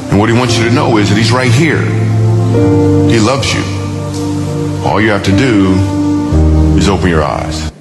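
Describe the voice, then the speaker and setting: A man's voice: fairly low pitch, lively intonation, moderate pace, pauses often. A man preaching a sermon through a personal story, talking in a conversational, joking way before turning earnest. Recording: roomy hall with loud music underneath.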